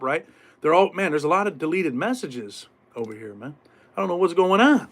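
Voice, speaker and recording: A man's voice: high voice, expressive, a little fast, fairly bright tone. A middle-aged man hosting a live stream, talking casually in streetwise slang with swearing, acting out voices from prison life as he tells stories. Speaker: podcast host.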